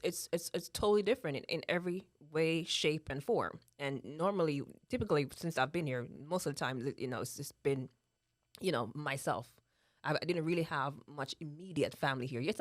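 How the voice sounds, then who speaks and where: A woman from Jamaica, in her thirties, joins a casual chat as a guest, speaking earnestly with a Jamaican accent. She laughs often, repeats herself, and frequently tags her lines with "right?". Her voice is low-pitched, recorded at studio quality with no echo.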